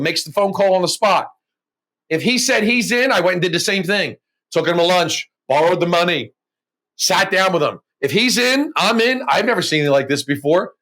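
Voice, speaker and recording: A man's voice: high-pitched, normal speed. A middle-aged man, a mortgage broker and coach, telling his story as an interview guest and acting out the voices of people he quotes. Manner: animated, acts out quoted voices with laughs.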